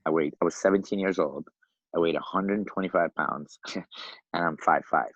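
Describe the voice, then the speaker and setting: A man in his fifties from Iran, a podcast guest telling his life story in a lively, animated way, often laughing and acting out the voices of other people. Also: deep voice, normal speed, slightly rough, no echo, highs cut off. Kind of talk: casual storytelling.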